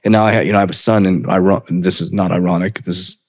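A man in his forties with a lowish voice talks as a podcast guest, earnest and halting, often breaking into a laugh as he recounts his past. His delivery is personal and emotional storytelling. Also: steady tone. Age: 40s.

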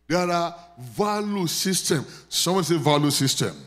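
Nigerian-accented preacher, slow and deliberate. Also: male voice, on the high side, expressive. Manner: call-and-response preaching, prompting the congregation to repeat words; builds to loud declarations when praying over the congregation. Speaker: pastor. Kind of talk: sermon.

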